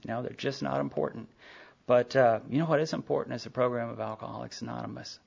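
At a recovery meeting, a middle-aged man tells a rambling personal story at a quick pace, quoting other people and using lots of fillers. His medium-pitched voice is steady, creaky, darkish and slightly rough, and the recording sounds dull and lo-fi.

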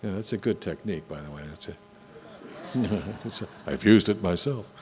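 An older man telling personal stories to an audience in a conversational way, often halting and restarting his sentences. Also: sits low, lively intonation. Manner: halting, with frequent restarts and asides. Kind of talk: conversational storytelling talk. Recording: long hall reverb, faint hum.

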